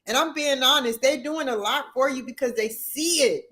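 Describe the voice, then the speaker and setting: A woman's voice: sits high, normal speed, sharp tone. A woman hosting a casual interview show, effusive and encouraging toward her guest. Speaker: talk show host.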